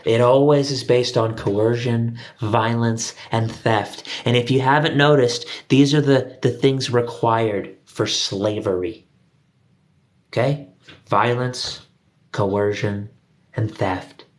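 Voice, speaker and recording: This conspiracy video host has a mid-range, steady voice and talks slowly. Addressing his audience directly, he delivers an angry, profanity-laced rant, saying things again and again to drive them home.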